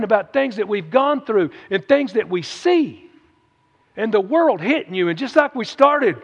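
A man preaching a sermon in a folksy, conversational way, often calling out "amen?" to the congregation. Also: high-pitched. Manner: conversational, folksy, with frequent "amen?" call-outs. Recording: echoey hall, dull lo-fi sound.

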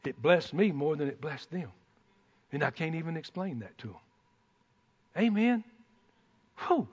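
A high-voiced preacher with a breathy edge gives a folksy, excitable sermon at normal speed, full of whoops and asides. A long church-hall reverb trails his voice, and the sound is dull and muffled.

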